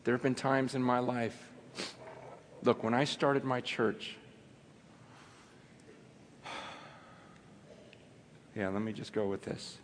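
A male pastor preaching a sermon, impassioned, building to near shouts and then dropping low and quiet. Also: slow pace, pauses often, slight background noise. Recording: long hall reverb.

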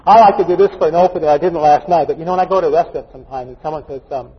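A man's voice: a little high, racing, slightly rough. A male pastor preaching a folksy, joking sermon full of anecdotes, recorded in a dull, echoey church hall. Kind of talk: storytelling sermon.

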